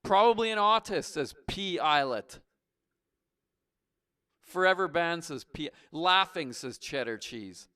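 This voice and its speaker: A man's voice: fairly high pitch, animated, sharp tone, smooth. A man hosting a comedic call-in show as a blustering patriotic trucker who argues with callers. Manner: bombastic, blustering, quick to argue.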